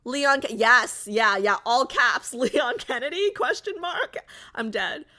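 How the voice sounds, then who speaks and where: A woman's voice: on the high side, expressive, slow pace, pushed and bright. A woman streamer in casual livestream chat, chatty and giggly, reading viewer comments aloud.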